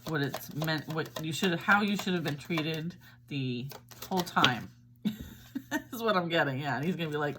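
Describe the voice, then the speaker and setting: Woman with a low voice doing a chill tarot reading, chatty, keeps saying all right. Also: expressive, normal speed, background noise. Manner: chatty and reassuring, often asks "all right?". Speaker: tarot reader.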